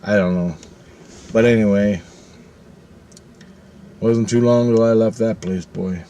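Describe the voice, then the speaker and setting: Profane, animated storytelling man, low voice. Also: slow pace, slight background noise. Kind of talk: casual storytelling.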